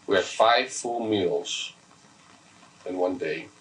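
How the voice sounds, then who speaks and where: A man recalling a longtime friend in an interview, in a measured way. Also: low-pitched, a bit bright, far from the mic, poor audio. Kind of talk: reminiscing.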